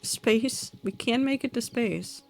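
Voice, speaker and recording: A woman streaming herself building in a game, thinking aloud, talking to herself and her chat, quickly excited and dramatic. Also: a little high, gravelly, soft background music. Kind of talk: casual live-stream commentary while building in a game.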